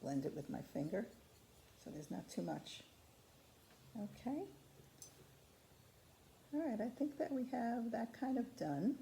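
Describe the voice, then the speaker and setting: A woman's voice: on the high side, measured pace, vocal fry, pauses often, slight background noise. A woman patiently demonstrating ceramic painting step by step, chatting to the camera as she works. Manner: calm, patient, chatty instruction. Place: craft studio.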